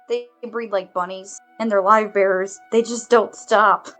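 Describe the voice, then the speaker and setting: A woman playing a tabletop game, bubbly and quick in her talk. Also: medium pitch, fairly even intonation, fairly bright tone, faint music behind. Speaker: player. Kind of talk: tabletop role-play chat.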